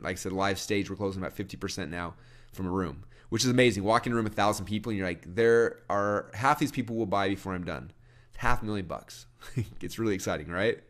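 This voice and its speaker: A man gives a sales training talk to an audience in a rapid-fire, energetic delivery. His voice sits on the low side, and he keeps restarting sentences as he rushes ahead. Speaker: marketing trainer.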